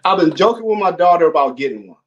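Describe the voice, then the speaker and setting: A man's voice: high voice, expressive, quick pace, muffled recording. A man hosting a casual chat, telling earnest motivational stories. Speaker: podcast host.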